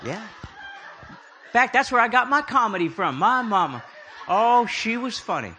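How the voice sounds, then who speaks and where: A man's voice: high voice, big pitch swings, a little slow, pushed and bright, slight background noise. A middle-aged man preaching a humorous sermon, telling stories with jokey, self-deprecating asides. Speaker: prophetic speaker.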